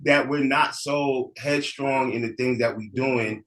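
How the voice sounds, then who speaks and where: A man, a priest, teaching and telling a story in a relaxed, conversational way. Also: medium pitch, a little slow, poor audio. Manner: relaxed, conversational, with frequent restarts.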